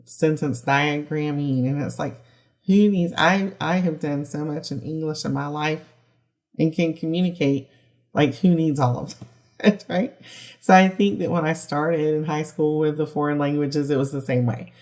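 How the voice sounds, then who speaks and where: A woman's voice: low-pitched, steady tone, normal speed. A woman hosting a podcast interview, chatting casually and responding encouragingly with laughs. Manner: warm, encouraging listener who laughs along. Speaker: podcast host.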